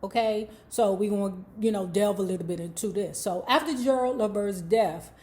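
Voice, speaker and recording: A woman's voice: medium pitch, normal speed, warm tone. Sassy, profane woman dishing book gossip. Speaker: book review vlogger. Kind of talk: casual commentary on a book.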